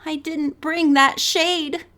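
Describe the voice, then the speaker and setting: A woman reading an audiobook, voicing an excitable teenage girl who gushes breathlessly. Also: high-pitched, takes it slowly, pitched above the performer's own voice, full character voice. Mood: excited. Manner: breathless, gushing. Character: excitable teen girl, boy-crazy fashion fan.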